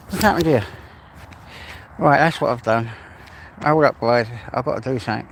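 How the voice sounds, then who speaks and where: A man's voice: mid-range voice, lively intonation, normal speed, long pauses, slight background noise. A man with an English accent chatting to his viewers on a phone livestream while walking his dog through the fields, swearing now and then. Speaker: livestream host. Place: outdoors in rural fields.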